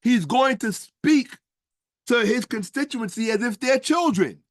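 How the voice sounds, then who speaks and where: A man's voice: very high voice, lively intonation, unhurried, no echo, studio quality. A man lecturing in a casual stream, emphatic and profane, firing rhetorical questions at his listeners. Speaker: streamer and history commentator.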